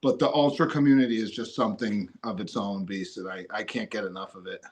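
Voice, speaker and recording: A man chatting on a podcast in an upbeat, excitable way, now and then breaking into loud cheering. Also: on the low side, brisk. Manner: upbeat, excitable, bursts into loud cheering when quoting himself. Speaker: guest runner. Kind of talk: casual podcast chat.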